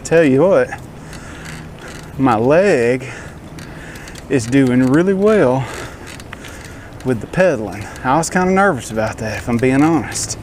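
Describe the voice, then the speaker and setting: A man's voice: mid-range voice, animated, unhurried, pauses often. A man with a Southern US accent, out of breath as he talks to viewers while riding a bicycle outdoors. He has a folksy, self-deprecating manner and calls his viewers y'all. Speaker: vlogger. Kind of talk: casual vlog narration while cycling. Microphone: action camera. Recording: loud road and traffic noise.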